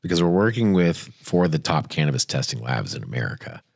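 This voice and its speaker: Deep-voiced man telling stories on a podcast. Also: fast talker, vocal fry, husky, dry recording, studio quality. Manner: animated storyteller who swears freely. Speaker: podcast host. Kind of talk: casual storytelling chat.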